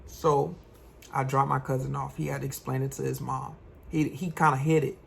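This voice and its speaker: A young man, a vlogger, tells a personal story in an animated, slangy way. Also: medium pitch, normal speed, creaky, a little hiss or hum. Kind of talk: storytime vlog.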